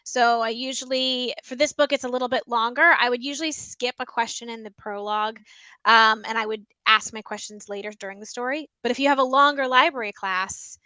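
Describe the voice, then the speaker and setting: A woman's voice: fairly high pitch, fairly even intonation, fairly quick, sharp tone, no room sound, poor audio. A woman librarian giving casual teaching tips about reading picture books aloud, chatty and full of ums. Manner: chatty, many ums, explains by example. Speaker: school librarian.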